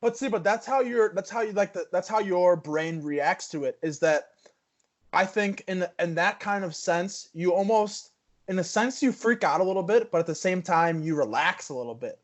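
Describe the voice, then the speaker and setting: A man co-hosting a podcast, thinking things through out loud in casual chat with many restarts. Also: sits high, lively intonation, moderate pace. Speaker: podcast co-host. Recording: dull lo-fi podcast audio.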